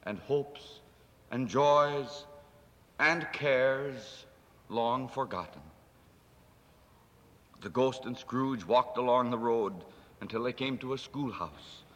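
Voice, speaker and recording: A man reading a classic story aloud with dramatic expression, shifting from hushed to lively. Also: mid-range voice. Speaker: narrator. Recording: long hall reverb.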